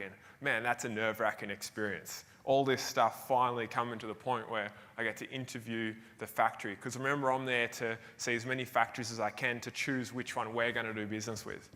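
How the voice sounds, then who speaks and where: A man's voice: medium pitch, pushed and bright. A man from Tasmania with an Australian accent, telling his story with energy and frequent laughs as a keynote speaker on a conference stage. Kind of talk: motivational stage talk. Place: large event hall. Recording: long hall reverb.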